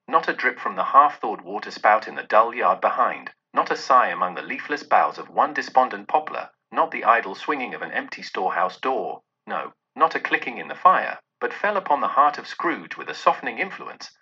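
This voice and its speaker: A male narrator reading a classic tale with lively, expressive pitch. His voice is husky but bright and forward. The recording is dull and lo-fi. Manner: expressive storytelling. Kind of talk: scripted narration of a classic novel. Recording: dull lo-fi audio.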